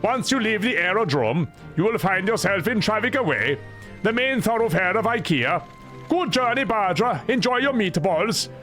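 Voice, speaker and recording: A young man puts on a pompous male city guide who greets travellers in an over-the-top, mangled Nordic accent. The voice is pitched up and grandly formal, in the manner of a game character read aloud by a player. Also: animated, slow, hardly any pauses, a bit bright, faint music behind, exaggerated voice.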